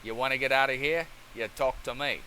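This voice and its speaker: A tough male road warrior with an Australian accent, as a man puts him on, sounding a little distant and somewhat raised. He speaks with the gruff edge of an action-film hero. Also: medium pitch, fairly quick, bright, forceful tone, a little hiss or hum, lightly acted.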